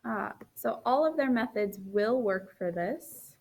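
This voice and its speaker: A woman's voice: a little high, animated, unhurried, darkish tone. A woman teacher walking through a recorded math lesson, counting aloud as she draws and correcting her own slips, tired and yawning.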